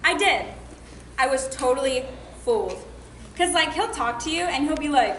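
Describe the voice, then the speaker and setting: High-voiced girl ranting about her boyfriend. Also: expressive, normal speed, long pauses, a bit bright. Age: teens to young adult. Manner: exasperated, mocking, complaining. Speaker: student performer. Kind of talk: comic stage monologue. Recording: echoey room, faint noise.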